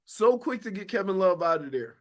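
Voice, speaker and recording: A man co-hosting a sports radio show, talking excitably and with emphasis. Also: high-pitched, brisk. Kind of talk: casual sports radio banter.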